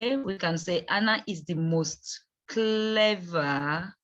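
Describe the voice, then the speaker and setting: Slow, patient woman teaching grammar. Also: fairly low pitch, a bit bright. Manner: slow, repeats words, checks with "okay?". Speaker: English teacher. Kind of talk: bilingual grammar lesson. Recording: dull lo-fi recording.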